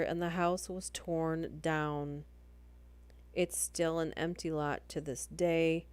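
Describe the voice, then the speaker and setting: A woman with a low, darkish, smooth voice chats casually on a live stream. In between reading horror stories, she rambles and keeps interrupting herself.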